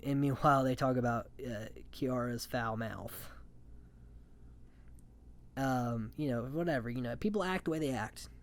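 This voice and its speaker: Casual recap podcaster: mid-pitched, chatty, rambling, opinionated, filler-heavy. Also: unhurried, pauses often. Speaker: podcast host. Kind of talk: casual reality-show recap commentary.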